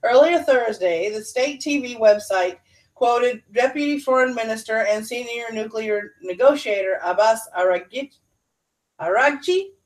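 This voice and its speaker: A woman's voice: fairly high pitch, moderate pace. A woman hosting a casual news livestream, reading articles aloud with sarcastic asides and answering chat. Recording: voice a bit far from the mic.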